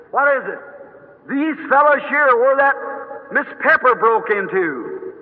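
A man preaching a dramatized sermon in a fervent, folksy way. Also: very high voice. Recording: echoey hall, tinny lo-fi tape.

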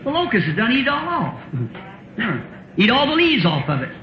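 A man in his fifties preaches in a folksy, chuckling manner, throwing out questions to his congregation. His voice sits very high and swings widely. The recording is muffled and roomy, like an old tape made in a church hall. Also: huge pitch swings, normal speed, a little hiss or hum. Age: 50s. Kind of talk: sermon.

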